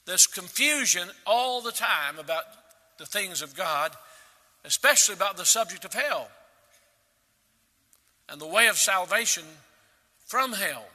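A man preaching a sermon, emphatic, with sudden loud rises and quiet drops. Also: high voice, expressive, measured pace, pauses often, in a large hall. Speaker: pastor.

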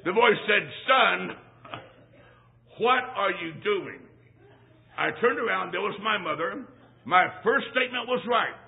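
A man's voice: high voice, expressive, a little slow, gravelly, long pauses. A man preaching a sermon, telling a folksy story from his boyhood in an emphatic way and repeating phrases for effect. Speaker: traveling preacher. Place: church. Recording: tinny phone-like recording.

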